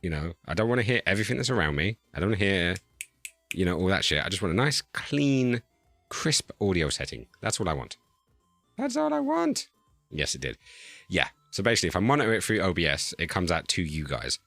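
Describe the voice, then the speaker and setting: A man's voice: sits low, sing-song, fast talker, a bit bright, dry recording, soft background music. A man streaming live, chatting casually and getting flustered while fixing his audio settings. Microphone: new desk microphone.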